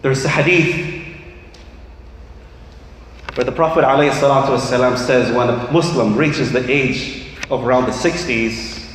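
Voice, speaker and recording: A man giving an impassioned sermon as imam, building up to shouts at times. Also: mid-range voice, unhurried, pauses often, slight background noise. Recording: echoey hall, faint ambience.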